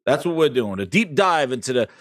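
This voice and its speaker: Male stream host, loud and jokey, lively swooping delivery, dry close mic. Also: mid-range voice, a little fast, dry recording. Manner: boisterous, laughing, swearing, reading chat shout-outs. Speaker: livestream gaming show host. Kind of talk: casual live-stream chat.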